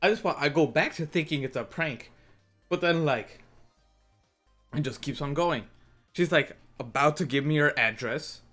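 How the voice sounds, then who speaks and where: A man's voice: fairly high pitch, moderate pace, pauses often, a bit bright, faint music behind. Rambling young man telling a story. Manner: rambling, with many fillers and restarts. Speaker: gaming YouTuber. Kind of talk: casual storytelling.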